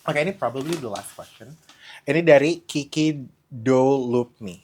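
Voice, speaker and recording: Woman host, extremely low voice, jokey and blunt, mixes two languages. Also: moderate pace, a little mellow. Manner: switches between Indonesian and English, jokey and blunt. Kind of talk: casual chat.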